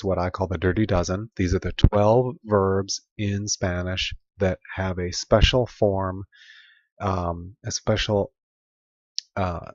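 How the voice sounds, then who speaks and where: A man teaching a recorded Spanish grammar lesson, explaining patiently and repeating example phrases slowly. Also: low-pitched, a little mellow, dry recording. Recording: dull lo-fi sound, dry.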